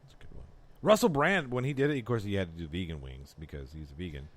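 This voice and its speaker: A man co-hosting a podcast, chatting fast and profanely, getting louder when he gets worked up. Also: low voice, animated. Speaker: podcast co-host. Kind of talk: casual crude banter.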